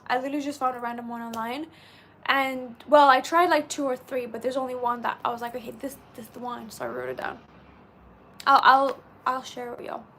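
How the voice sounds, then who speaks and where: A woman's voice: sits high, bright, forceful tone. A woman hosting a casual live stream, chatting and reading out viewer comments in a bubbly way. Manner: chatty and bubbly, says she talks very fast. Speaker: livestream host.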